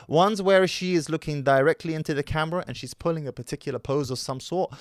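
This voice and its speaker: A man's voice: medium pitch, no echo, clean studio sound. A man giving opinionated commentary, lecturing emphatically with rhetorical questions and the odd Arabic word. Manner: scattered Arabic words in his speech. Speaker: online commentator.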